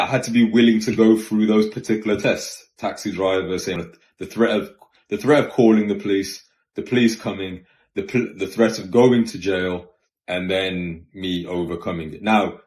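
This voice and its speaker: A man telling a story in a casual, slangy, animated way, vlog style. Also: on the low side. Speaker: vlogger. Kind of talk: storytime monologue. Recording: roomy echo with faint music.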